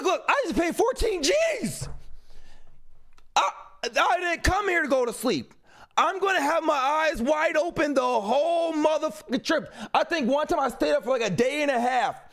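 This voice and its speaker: A man hosting a live stream, commenting loudly and emphatically, with frequent swearing. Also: extremely high pitch, vocal fry. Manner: loud, emphatic, swearing, interrupting. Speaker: streamer host.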